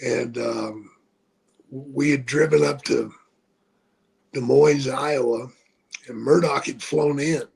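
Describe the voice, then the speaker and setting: A man's voice: mid-range voice, steady tone, darkish tone. An older man, a retired wrestler, telling profane stories in a casual podcast chat. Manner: slow, gravelly, profane storytelling.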